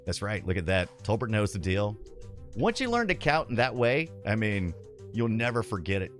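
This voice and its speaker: A man's voice: on the low side, big pitch swings, normal speed, soft background music. A man hosting a casual livestream, chatting with viewers, laughing often and reading their comments aloud. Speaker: livestream host.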